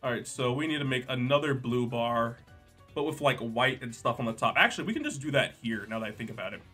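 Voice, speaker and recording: A man's voice: medium pitch, lively intonation, fast talker, bright, forceful tone, breathy edge, soft background music. A young man streaming, chatting casually, joking and reading chat aloud while editing art.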